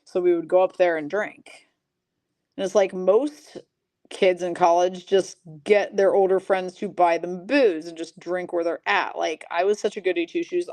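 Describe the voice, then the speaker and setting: A woman's voice: fairly low pitch, darkish tone. A woman hosting a live card break stream, chatty and self-mocking. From Michigan. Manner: chatty, self-mocking, rattling off names quickly.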